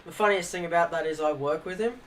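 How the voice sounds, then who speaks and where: This young man's high-leaning, fairly bright voice moves at a quick pace as he chats on a live stream. He laughs and swears through funny family stories, acting out quotes from his relatives.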